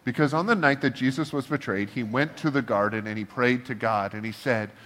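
A pastor gives a casual, conversational sermon, animated and humorous, joking as he acts out blunt prayers to God in a shifting voice. He speaks fairly quickly at a mid-range pitch, and a long reverb suggests a large church hall.

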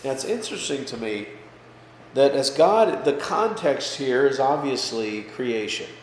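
A pastor's voice at an ordinary mid pitch fills a roomy, echoing hall, with a long reverb tail behind each phrase. He teaches in a casual, chatty way, keeps asking "okay?" and "right?", and punches key words up when he wants them to land. A faint hum of background noise sits under the room. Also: measured pace. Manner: casual, checks in with listeners with frequent "okay?" and "right?"; lively, pushes his voice up for emphasis. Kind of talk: conversational Bible study teaching.

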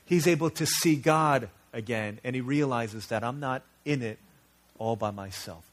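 A male pastor preaches in an earnest, conversational storytelling manner. His voice sits at an ordinary middle pitch, and he shifts easily between lively family anecdotes and quieter, serious points. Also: moderate pace. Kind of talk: sermon.

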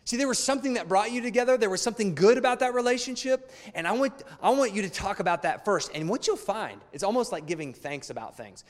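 A man's voice: sits high, animated, quick pace, few pauses. A man in his thirties preaching a sermon as a pastor, conversational and weaving in personal family stories. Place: church hall. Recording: long hall reverb.

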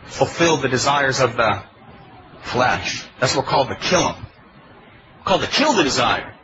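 A man's voice: mid-range voice, animated, moderate pace, muffled recording, background noise. A male pastor preaching a sermon in a pleading, emphatic way, asking his congregation questions. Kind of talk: expository sermon.

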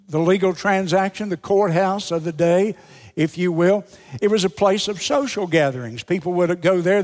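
Slightly high-voiced man preaching in a hall. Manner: conversational preaching with rhetorical questions. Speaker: pastor. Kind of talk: sermon.

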